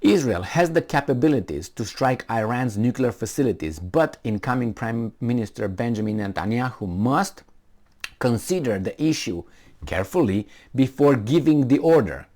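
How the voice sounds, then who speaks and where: A man's voice: mid-range voice, expressive, normal speed, a little mellow. Rambling sarcastic male commentator. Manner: rambling, sarcastic, many fillers and restarts. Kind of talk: casual opinion commentary reading news aloud.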